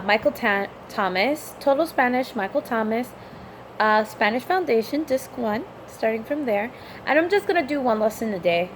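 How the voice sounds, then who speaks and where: A woman's voice: on the high side, slight background noise. A woman vlogging her language practice, chatting casually and repeating phrases aloud after a recorded lesson, often correcting herself. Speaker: vlogger learning Spanish.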